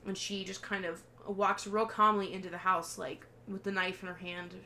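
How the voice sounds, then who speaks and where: A woman's voice: mid-range voice, flat delivery, moderate pace, sharp tone, slight background noise. A woman co-hosting a podcast, animatedly retelling a film in casual chat with frequent swearing and laughter. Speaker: podcast co-host.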